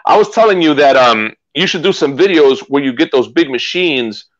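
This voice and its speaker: A man co-hosting a casual live stream, chatty and quick to laugh, talking into a phone. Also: fairly high pitch, animated, dull audio. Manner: chatty, laughs often, restarts a lot. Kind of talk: casual chat. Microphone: phone used as camera.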